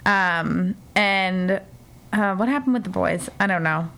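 A young woman chatting casually, rambling with lots of "like" fillers and acting out characters' lines in quick put-on voices. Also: medium pitch, gravelly, fairly bright tone. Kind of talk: casual chat recapping a TV episode.

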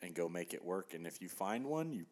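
Low-voiced man telling a fishing story. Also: brisk. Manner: animated storytelling with laughs and quoted asides. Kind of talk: casual storytelling chat.

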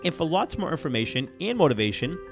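A man's voice: a little high, very animated, fast, music in the background. A man hosting a motivational podcast as a coach, talking earnestly and encouragingly with emphatic repetition.

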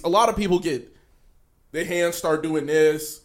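Blunt, profane man, slightly high voice. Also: moderate pace. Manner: blunt, profane, tells confrontational stories. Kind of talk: casual chat.

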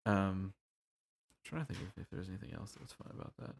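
A man's voice: sits low, expressive, brisk, gravelly. A man co-hosting a podcast, telling work stories in a laid-back way with plenty of swearing and acted-out quotes. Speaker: podcast co-host. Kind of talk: casual chat.

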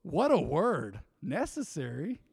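Give me an emotive male pastor delivering a sermon in a high, bright voice. He preaches with energy, jumping from loud bursts to hushed asides. The voice sounds close and dry, with a long hall reverb trailing behind it. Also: slow, creaky, slightly rough. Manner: energetic, emotive, swinging between loud and soft.

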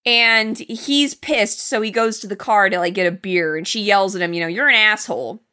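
A woman's voice: mid-range voice, steady tone, normal speed, sharp tone, clean tone. A woman co-hosting a casual movie review chat, laughing often and swearing freely. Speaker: podcast co-host.

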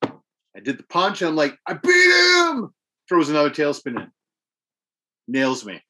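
A man in casual chat, telling animated stories about video games and swearing freely. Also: medium pitch, moderate pace.

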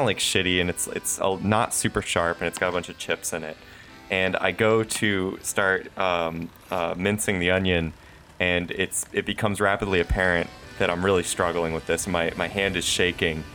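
Tabletop player, male, deep voice, bright edge, rambling and profane. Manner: rambling, self-amused, swears freely. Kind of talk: casual tabletop role-play.

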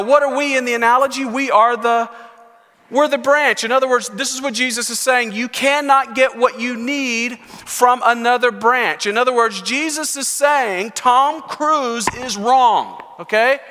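Guy preaching in a church, high bright voice, big reverby hall. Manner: animated preaching, leads congregation in call and response. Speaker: pastor. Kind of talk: sermon. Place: church sanctuary. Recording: long reverb of a large hall.

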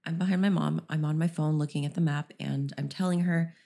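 A woman's voice: low voice, steady tone, brisk, creaky, dark tone. A young woman co-hosting a podcast, telling a rambling story in casual chat, with many "um"s and "you know"s. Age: young adult. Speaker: podcast co-host.

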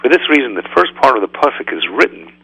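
A man hosting a radio talk, teaching a religious lesson in a lively conversational way with many rhetorical questions. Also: medium pitch, quick pace, gravelly, breathy edge, no echo, poor audio. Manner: animated, full of rhetorical questions.

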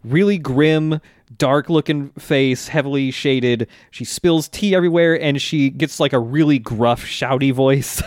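A man chatting casually on an anime podcast, retelling episodes with lively, laughing energy. His voice sits in a middle pitch and sounds dry and close, with no room around it. He slips into quick impressions of the characters as he goes. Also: dry recording. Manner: animated retelling, acting out character lines, laughs often. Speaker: podcast co-host. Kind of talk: casual anime recap chat.

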